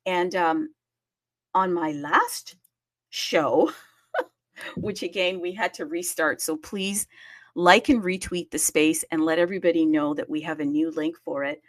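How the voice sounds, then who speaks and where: A woman hosting a live audio space in casual chat, bubbly and talkative, laughing often and swinging her pitch up with excitement. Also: a little slow, no echo.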